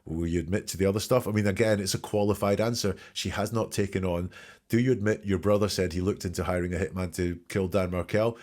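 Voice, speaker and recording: A man's voice: low-pitched, steady tone, fast, darkish tone. A man hosting a show where he breaks down court testimony in spoken commentary, emphatic and questioning, repeating key words. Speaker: host analyzing trial testimony.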